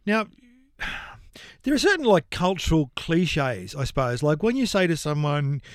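A man co-hosting a casual community radio chat, teasing and quick to laugh. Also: a little high, very animated, clean tone, no room sound, studio quality. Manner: chatty, teasing, laughs easily. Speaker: radio show co-host.

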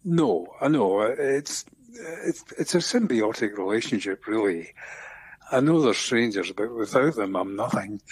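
An older man with a Scottish accent, a songwriter being interviewed on radio, talking in a reflective, unhurried way with many pauses and restarts. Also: lowish voice, breathy edge. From Scotland. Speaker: guest songwriter.

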